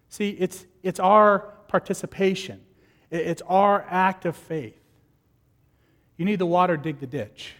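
A man preaching a sermon as pastor, lively and animated, acting out the people in his stories. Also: high-pitched, measured pace, in a large hall.

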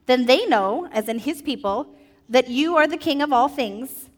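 A woman speaking as three faithful young men, firm and steady in their refusal. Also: high-pitched, moderate pace. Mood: steadfast.

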